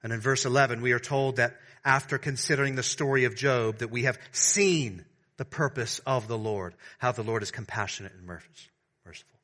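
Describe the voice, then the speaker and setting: A male pastor preaching a sermon, alternating between fervent, raised declarations and soft, hushed appeals to his congregation. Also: medium pitch, fairly quick. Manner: swings from loud preaching to hushed tenderness; addresses the congregation as beloved.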